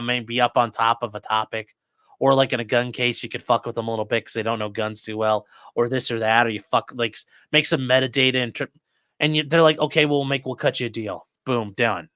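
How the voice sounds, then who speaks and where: A man's voice: mid-range voice, sharp tone, no room sound, studio quality. A man hosting a live stream, giving blunt, profane, mocking commentary to his chat. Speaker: streaming host.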